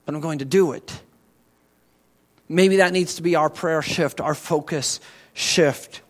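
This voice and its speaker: A man preaching a sermon as pastor, emphatic and conversational, asking the congregation questions and swinging between loud and quiet. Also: fairly high pitch, a little slow.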